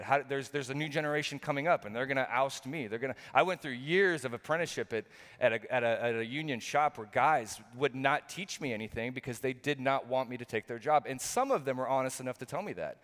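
A man's voice: mid-range voice, fast, fairly bright tone. A middle-aged male pastor preaching a sermon, earnest and repetitive, full of rhetorical questions. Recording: long hall reverb.

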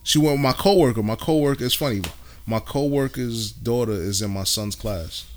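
A man's voice: medium pitch, moderate pace. A man co-hosting a podcast in casual chat, with laid-back slangy banter and frequent laughter. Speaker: podcast co-host.

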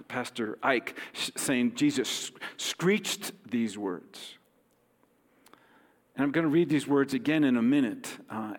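Man, pastor, sermon, conversational, light humor, mid pitch, long hall reverb. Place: church sanctuary.

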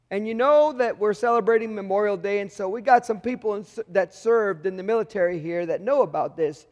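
A man with a very high voice gives a conversational sermon, asking rhetorical questions and acting out the voices he quotes. His words ring out with a long reverb in a big church hall. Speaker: pastor.

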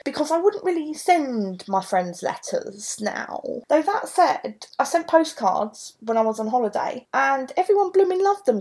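Young english woman, bit of a cockney twang, husky and a touch high, chatty poetry lesson. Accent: Cockney-tinged English. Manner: chatty, lots of fillers, lively. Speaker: English literature teacher. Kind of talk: casual podcast lesson on poetry.

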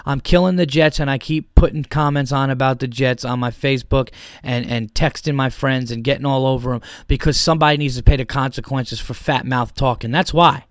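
A man's voice: medium pitch, steady tone, fairly quick, few pauses, no room sound, clean studio sound. A man hosting a podcast, ranting about football in a heated, profane way and repeating his points. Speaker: podcast host. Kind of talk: opinionated sports rant.

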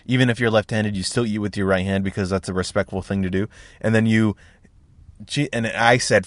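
A young man hosting a podcast, telling a comic story in a loud, profane, animated way, with sound effects like boom and bang. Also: a little fast, no room sound. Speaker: podcast host. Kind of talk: casual comedic storytelling.

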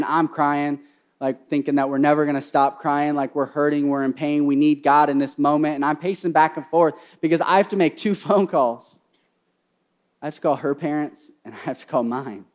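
A young man preaching a sermon, repeating key phrases and swinging from hushed personal storytelling to loud, fervent cries. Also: medium pitch. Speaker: pastor.

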